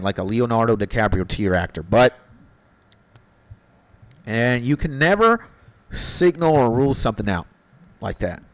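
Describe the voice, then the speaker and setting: A man's voice: on the low side, no echo, low-quality recording. Slangy man rambling to his stream chat. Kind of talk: casual chat with viewers while gaming.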